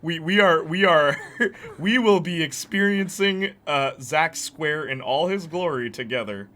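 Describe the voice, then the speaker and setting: A man's voice: a little high, unhurried, bright, forceful tone. A young man casually commenting on his gameplay. He laughs often, talks in slang and mocks the lines by putting on voices. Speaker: let's play host.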